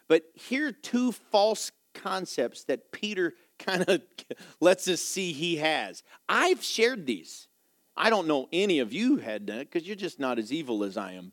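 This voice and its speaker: A man teaching a Bible lesson from slides in sermon style, animated, self-deprecating and often laughing. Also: fairly high pitch, no room sound, clean studio sound.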